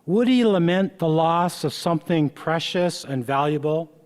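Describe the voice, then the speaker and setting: A man, the author, reading aloud from his memoir in a slow, measured way with small stumbles. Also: fairly high pitch, expressive, darkish tone. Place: event hall. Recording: long reverb from a hall.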